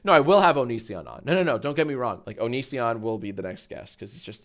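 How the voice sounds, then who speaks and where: A man streams live and chats loosely with his viewers. He rambles and swears, and his mid-pitched voice moves up and down in a lively way. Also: fast talker. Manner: rambling and profane, reads chat aloud. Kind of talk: casual live-stream chat.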